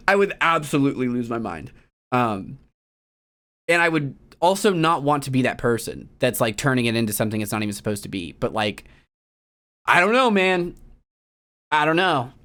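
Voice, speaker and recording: A streamer chatting casually and at length, rambling with many fillers and sudden loud, animated impressions. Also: medium pitch. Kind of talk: casual chat.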